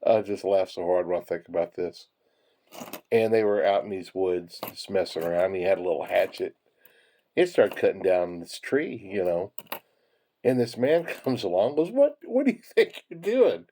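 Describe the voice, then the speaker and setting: A man's voice: sits low, normal speed, warm tone, slight background noise. A man telling rambling, chuckling anecdotes while sorting pennies. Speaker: penny hoarding hobbyist. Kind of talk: casual storytelling while sorting coins.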